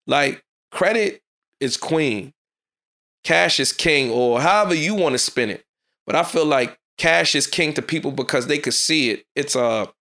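A man hosting his own podcast, giving a fast, fired-up motivational talk in a casual street style. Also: medium pitch, sharp tone. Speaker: podcast host.

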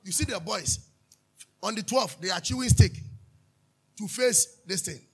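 A Ghanaian man preaching a sermon as pastor, animated, drifting into sung lines and asking his listeners to answer back. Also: sits high, a little slow, slightly rough. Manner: calls for audience responses, asks and answers himself.

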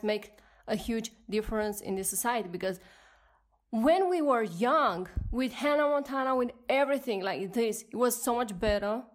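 A young woman with a non-native accent talks alone on her podcast, ranting with indignation. She speaks at an unhurried, deliberate pace, and her voice sits at an ordinary pitch for a woman. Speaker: podcast host. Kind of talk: solo podcast monologue.

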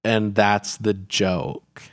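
His pitch is fairly low and a bit bright, and he talks very slowly. This male podcast co-host reviews a film in casual, rambling talk packed with fillers and restarts.

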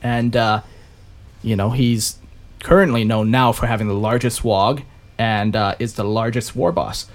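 A man's voice: fairly low pitch, steady tone, unhurried. Laughing, rambling man telling game lore. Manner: rambling, laughs often, lots of fillers. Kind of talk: casual chat about game lore.

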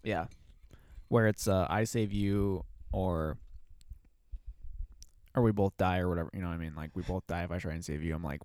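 Laid-back male co-host, low-ish voice, slangy and rambling, dry mic. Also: fairly even intonation, moderate pace, pauses often, darkish tone, smooth, dry recording. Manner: laid-back slangy talk, says "dude" often. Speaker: podcast co-host. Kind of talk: casual chat.

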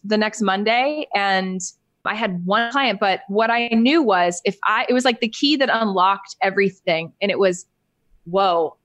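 A woman's voice: mid-range voice, dry recording. A woman guest on a podcast, a business coach telling her story in casual interview talk and acting out the people she quotes. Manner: animated storyteller, acts out quoted voices with big jumps up.

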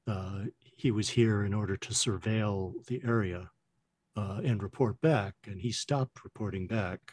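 A man role-playing his character in a tabletop game, speaking slowly with many fillers. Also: lowish voice, darkish tone, no room sound.

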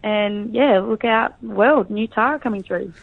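An Australian woman talking frankly and chattily in a casual interview, quick to laugh. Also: medium pitch, gravelly, no room sound. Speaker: reality show contestant, interview guest. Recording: dry, tinny phone line.

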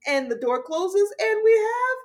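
A woman co-hosting a casual podcast chat, lively and laughing as she talks. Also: extremely high pitch, measured pace. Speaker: podcast co-host. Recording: voice distant from mic.

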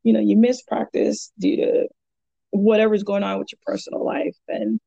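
A woman chats with a gravelly edge and a dark, husky tone. She tells rambling stories, laughing as she goes, in an easy conversational way. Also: medium pitch, flat delivery, normal speed, no room sound, muffled recording. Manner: rambling storyteller who laughs often. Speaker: guest. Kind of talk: casual chat.

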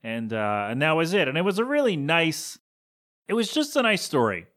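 A man's voice: fairly high pitch, big pitch swings, normal speed, fairly bright tone. Rambling, self-mocking podcast host man. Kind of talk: casual podcast chat.

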